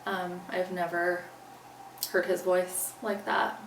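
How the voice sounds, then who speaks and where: A woman's voice: lowish voice, flat delivery, takes it slowly. A woman recounting a personal story as an interview guest, earnestly acting out what she said back then. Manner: earnest, retells events by acting out her own past lines. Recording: roomy, distant mic, faint background noise.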